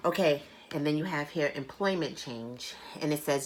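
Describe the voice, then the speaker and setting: A woman giving a private tarot reading who speaks earnestly and bluntly, swearing casually, repeating phrases for emphasis and reading card text aloud slowly. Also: low voice, a little hiss or hum. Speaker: tarot reader.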